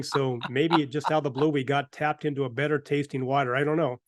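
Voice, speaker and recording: A man's voice: mid-range voice, brisk, no echo, clean studio sound. A middle-aged man hosting a talk show, telling a casual anecdote and acting out what people said. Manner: animated anecdotes with acted-out quotes. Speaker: host. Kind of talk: casual storytelling.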